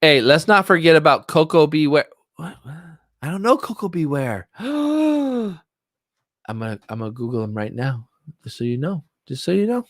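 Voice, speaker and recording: A middle-aged man hosting a casual livestream chat, excitable and rambling as he reminisces. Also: a little high, a little fast, no room sound, clean studio sound. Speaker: livestream host. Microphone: streaming setup, close mic.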